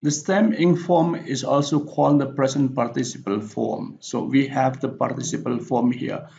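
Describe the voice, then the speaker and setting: Gravelly man giving a slide lecture. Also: medium pitch, a little mellow. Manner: halting, with frequent fillers and self-corrections. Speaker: English teacher. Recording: dull lo-fi recording.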